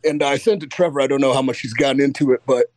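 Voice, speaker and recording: A man's voice: medium pitch, steady tone, very fast, a little mellow, no echo. A man in casual chat, earnestly recommending a health program.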